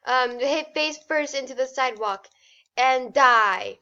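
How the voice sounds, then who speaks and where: High slow-talking young woman, giggly. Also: bright, forceful tone, dull audio. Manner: giggly, drawn-out narration. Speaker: storyteller in a group drawing game. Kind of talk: casual improvised storytelling.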